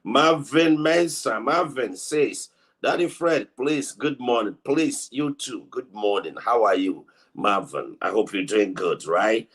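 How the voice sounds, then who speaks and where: A man's voice: fairly low pitch, slow, fairly bright tone. Chatty Ghanaian man hosting a live stream. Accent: Ghanaian English. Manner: chatty, repetitive greetings to viewers by name. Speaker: live online news show host. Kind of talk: live stream greeting viewers.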